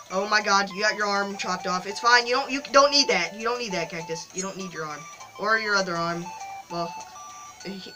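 A woman casually commenting on a mobile game she plays, excitable and loudly cheering on her character, recorded on a phone. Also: mid-range voice, rough recording.

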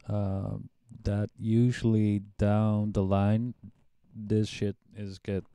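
A man's voice: fairly low pitch, mellow, smooth, dry recording, studio quality. A young man, a music producer, teaching a casual livestream masterclass in a laid-back way, swearing offhandedly and hedging his opinions.

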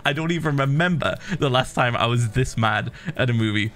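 A middle-aged man streaming to a live chat, ranting in an animated, exasperated way, swearing freely and laughing in disbelief. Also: mid-range voice, fairly quick, soft background music. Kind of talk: casual rant to a live chat while gaming.

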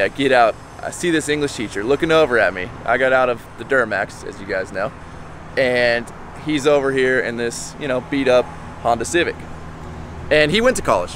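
Man in his 20s, contractor, vlog monologue, fast blunt talk, faint traffic behind. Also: medium pitch, fairly bright tone. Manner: candid, blunt, swears casually.

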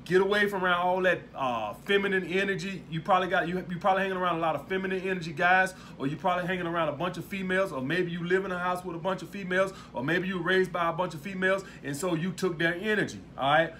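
Guy coach ranting casual to the camera, cusses a lot, kinda high voice, keeps going "all right?". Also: fast, hardly any pauses, bright, forceful tone, slight background noise. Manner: blunt and profane, keeps asking "all right?". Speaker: dating and lifestyle coach. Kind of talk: casual monologue to viewers.

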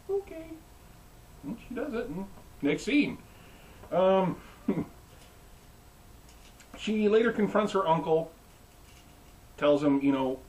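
A young man giving a joking, animated recap as a reviewer. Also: sits high, slow, long pauses, recorded from a distance, rough recording. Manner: animated, joking, mimics characters. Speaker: anime reviewer. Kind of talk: comedic recap.

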